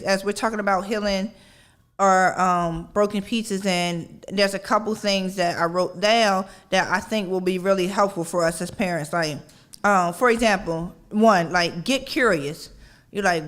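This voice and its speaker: A middle-aged woman hosting a parenting radio show in a casual, conversational way. She keeps checking in with "right?" and acts out her own yelling. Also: medium pitch. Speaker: podcast host. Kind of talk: casual talk-radio monologue.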